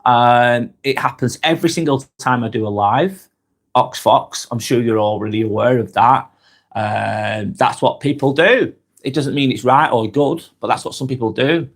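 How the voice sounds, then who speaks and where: A man with a Lancashire accent, hosting a calm live stream, reading viewers' comments aloud and chatting back in an unhurried way with lots of ums and restarts. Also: mid-range voice. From North West England. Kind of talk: casual live-stream chat.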